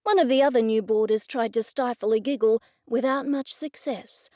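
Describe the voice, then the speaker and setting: A woman narrating a cozy mystery audiobook in first person, wry and even. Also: on the high side, moderate pace, no room sound, clean studio sound.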